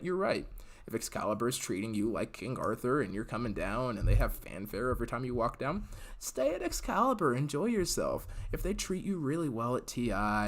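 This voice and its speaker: Young male podcast host, casual live chat, slightly low voice, rambling delivery. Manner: chatty, rambling, with frequent fillers and laughs.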